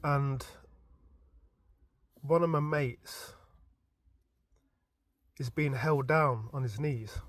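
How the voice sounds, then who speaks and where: A man casually telling a story from his dream as a vlogger, animated and informal, often stumbling and restarting his words. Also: mid-range voice, dry recording. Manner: animated retelling with frequent stammered restarts; informal and chatty.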